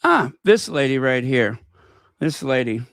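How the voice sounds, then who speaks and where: A man's voice: medium pitch, big pitch swings, a little slow, fairly bright tone, no echo, clean studio sound. A man hosting a channel, giving casual commentary and thinking aloud while he cues up clips. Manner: thinking aloud, stops to find and set up clips. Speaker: channel host.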